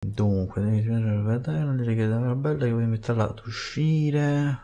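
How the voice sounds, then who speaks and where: A man's voice: mid-range voice, moderate pace, mellow. An Italian man casually commenting as he plays a video game, musing aloud over which choice to pick. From Italy. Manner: musing, talks through his choices. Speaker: let's play host.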